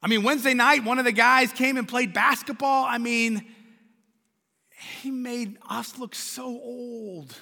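A man's voice: very high-pitched, fairly even intonation, a little slow, vocal fry, pushed and bright. A man preaching a sermon as pastor, talking in a conversational way with repeated words and questions to the congregation, in a large church. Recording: long church reverb.

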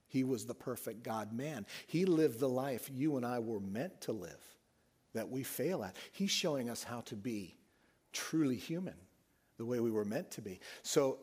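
A man preaching a sermon, telling the story with animated swings and dropping his voice soft for emphasis. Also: on the high side, husky. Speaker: pastor.

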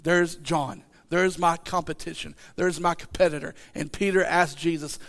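High-pitched animated male preacher. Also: normal speed. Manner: animated, acting out the disciples' voices, rising to shouts; emphatic repetition and rhetorical questions. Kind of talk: sermon.

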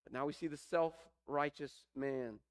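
A man's voice: a little high, fairly even intonation, unhurried. A man preaching a sermon, explaining a scripture passage with rising emphasis. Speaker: pastor.

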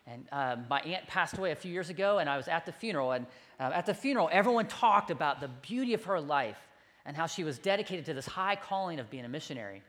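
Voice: medium pitch, expressive, fast, fairly bright tone, long reverb tail. A pastor preaching a sermon in a conversational, self-deprecating storytelling manner.

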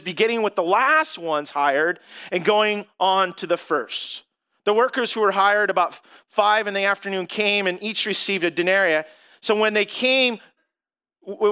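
A pastor with a high, clean-toned voice preaches a sermon in a conversational, storytelling style, breaking off for animated asides to the congregation.

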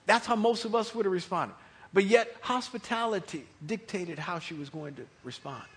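A male pastor preaching a sermon, telling a Bible story with humor and animated storytelling. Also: sits high, moderate pace.

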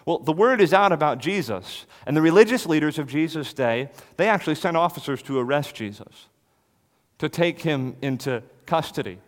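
A man preaching an expository sermon, swinging from loud declaration to hushed near-whisper. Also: a little high, animated, moderate pace, long reverb tail.

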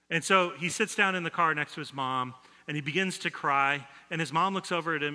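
Bright-voiced pastor preaching in a hall. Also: male voice, fairly high pitch, fairly quick. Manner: storytelling, voice drops soft for quoted lines. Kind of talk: sermon. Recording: long reverb of a large hall.

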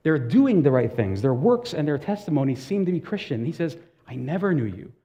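A man's voice: on the high side, sing-song, brisk, dark tone, muffled recording. A man preaching a sermon in a conversational way, asking the congregation direct questions and telling stories with casual asides. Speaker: pastor.

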